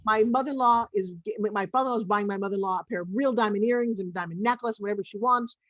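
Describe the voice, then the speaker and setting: A middle-aged woman, a podcast interview guest, telling a personal story in an animated, emphatic way over a remote video call. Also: mid-range voice, racing, muffled recording.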